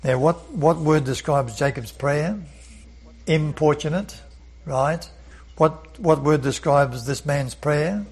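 Husky man teaching a Bible lesson. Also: on the high side, slow, poor audio. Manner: earnest, repeats words, asks rhetorical questions.

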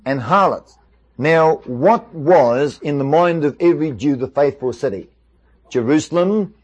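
A man's voice: fairly high pitch, measured pace, darkish tone, slightly rough, muffled recording. A male preacher giving a sermon, asking his listeners one rhetorical question after another. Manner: many rhetorical questions to the audience.

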